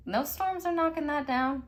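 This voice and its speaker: A woman with a high-sitting voice and measured pace gives a casual pick-a-card tarot reading. She's chatty and emphatic, saying "like" constantly, swearing casually, and laughing often between remarks.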